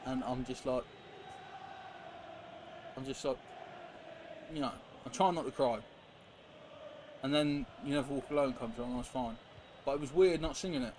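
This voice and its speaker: A man's voice: medium pitch, normal speed, pauses often, darkish tone. A young man streaming a football game, chatting casually and rambling as he reacts to viewers and play. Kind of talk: casual live-stream chat while gaming. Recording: noisy background hiss.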